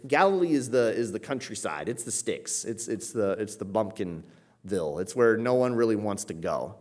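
A man preaching an expository sermon, building to emphatic peaks and then dropping low and quiet. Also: animated, moderate pace. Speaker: pastor.

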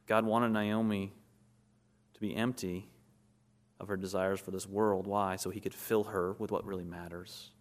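A man's voice: low-pitched, level tone, normal speed. A man preaching a sermon, asking rhetorical questions and building to emphatic peaks. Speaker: pastor.

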